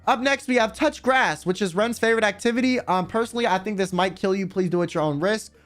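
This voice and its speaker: A man's voice: high-pitched, fast, faint music behind. A young man streamer giving casual, joking commentary with lots of swearing. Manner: animated, profane, joking.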